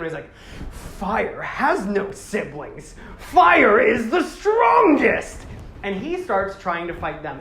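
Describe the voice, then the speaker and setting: Rambling man in an echoey room. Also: on the high side. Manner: rambling, self-correcting, acts out quotes with sudden loud outbursts. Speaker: podcast host. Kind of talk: casual retelling of a movie plot. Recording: roomy echo with faint background noise.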